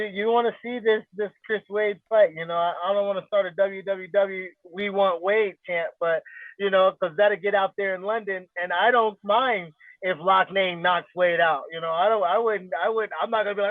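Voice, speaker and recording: A man's voice: sits high, fairly even intonation, moderate pace, no room sound. A man, a guest fighter in a casual interview, talking confidently and rambling with lots of fillers. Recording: tinny phone-like line, dry.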